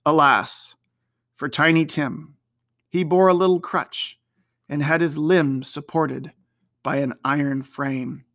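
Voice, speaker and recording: A reader giving slow, measured, expressive audiobook narration of a classic novel. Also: medium pitch, dry recording, studio quality.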